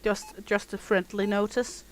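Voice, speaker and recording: A woman's voice: medium pitch, level tone, unhurried, low-quality recording. A woman streaming a simulation game, chatting casually and jokingly with her viewers. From Denmark. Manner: chatty, joking, reads chat aloud. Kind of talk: casual chat with viewers while gaming.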